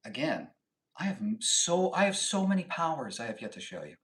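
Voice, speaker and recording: A man's voice: mid-range voice, very animated, a little fast, a bit bright, recorded from a distance. A young man hosting a casual live stream, reading chat comments aloud and joking and trolling back at them. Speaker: livestream host. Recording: echoey room, voice a bit off-mic.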